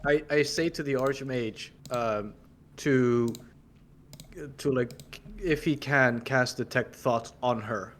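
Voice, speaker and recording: A man plays in a tabletop role-playing game, describing his character's actions. He stumbles over words and restarts often, joking about blanking on things. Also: mid-range voice. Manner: halting, stumbling, self-joking. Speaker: player. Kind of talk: casual tabletop play.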